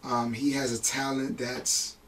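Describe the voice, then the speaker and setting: A man's voice: mid-range voice, unhurried, recorded from a distance, a little hiss or hum. A man, a music producer, chatting in an interview, telling family stories with laughs and some emotion. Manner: emotional, laughing, animated storytelling. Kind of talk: casual interview chat.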